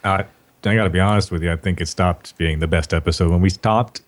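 A man's voice: deep voice, quick pace. A man co-hosting a casual podcast, ranting in exasperation and swearing a lot. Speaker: podcast co-host.

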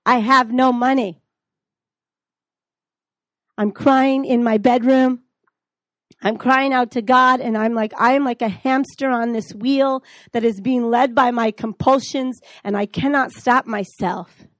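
A woman's voice: fairly high pitch, no echo. Dry-voiced woman teaching with testimony. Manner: lively storyteller who acts out dialogue. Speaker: Bible teacher. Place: classroom.

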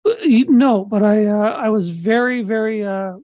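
A man from Saskatchewan co-hosting a comedy podcast, deadpan and halting with many restarts. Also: high voice, no echo, lo-fi sound. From Saskatchewan, Canada. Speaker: podcast co-host.

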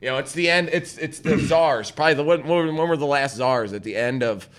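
A man's voice: fairly high pitch, brisk, a bit bright. Rambling, profane male podcast host. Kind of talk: casual chat.

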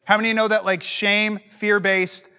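A man preaching with fervor, his voice high and bright with an edge to it. He talks to leaders in a loose, conversational way and keeps firing rhetorical questions. The sound rings out with long reverb like a large hall. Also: little pitch movement, a little slow, smooth. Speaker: pastor.

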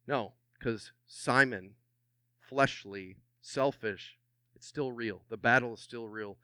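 A middle-aged pastor preaches with animated energy, calling on his congregation to answer back. His voice is bright and crisp, recorded close and dry. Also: medium pitch, takes it slowly, dry recording. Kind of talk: sermon.

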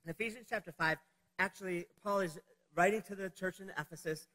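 A man's voice: high-pitched, a little fast, bright, forceful tone, big-room sound, poor audio. A middle-aged man preaching a sermon, opening with a childhood story, in a conversational, rambling way with many fillers. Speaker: pastor.

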